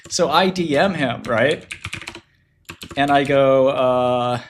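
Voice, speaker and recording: A man talking in a mid-range voice, loose and blunt in a casual livestream chat, swearing freely and laughing between his points. Faint keyboard typing and low noise sit in the background. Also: slow pace. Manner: blunt and profane, laughs often, acts out quoted people. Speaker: streamer talking about business.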